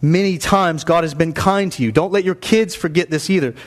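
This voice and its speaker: A man's voice: on the high side, fairly quick. A man in his thirties preaching a sermon in a church, reading scripture aloud and rising into emphatic bursts. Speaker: pastor. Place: church sanctuary.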